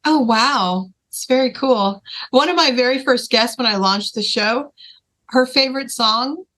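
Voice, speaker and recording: A woman hosts a podcast with a bright, sharp tone. She chats casually and reacts with upbeat encouragement. She moves quickly from one question to the next. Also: on the high side. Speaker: podcast host. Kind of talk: casual interview chat.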